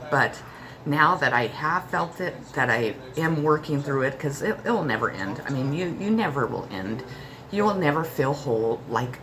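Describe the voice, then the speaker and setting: Low-voiced woman in her forties, emotional. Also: background noise. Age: 40s. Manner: emotional, rambling, repetitive. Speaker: spiritual channel host. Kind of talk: personal vlog confession.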